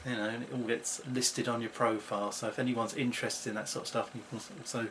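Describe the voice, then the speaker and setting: A man's voice: medium pitch, level tone, fast, a bit bright, a little hiss or hum. A middle-aged man, chatting to camera at home in a rambling, self-mocking way. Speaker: vlogger. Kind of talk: casual chat to camera.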